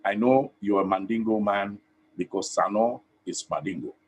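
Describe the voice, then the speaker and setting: A man from Sierra Leone with a Sierra Leonean accent, giving earnest, emphatic commentary on a live stream in short, paused phrases. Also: on the low side, breathy edge, rough recording. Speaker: online TV host and activist. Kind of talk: direct-address commentary.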